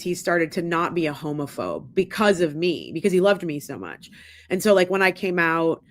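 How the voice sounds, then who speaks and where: Low-voiced woman telling stories. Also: normal speed, dry recording, studio quality. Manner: animated storyteller, acts out quotes. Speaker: podcast co-host. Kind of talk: casual chat.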